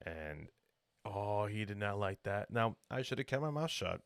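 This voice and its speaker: A man's voice: lowish voice, wildly swooping pitch, takes it slowly, gravelly, pauses often, fairly bright tone, dry recording, clean studio sound. A young man co-hosting a podcast, telling a long jokey story in casual banter and acting out the people in it. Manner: rambling storyteller, jokey, acts out quotes. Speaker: podcast co-host.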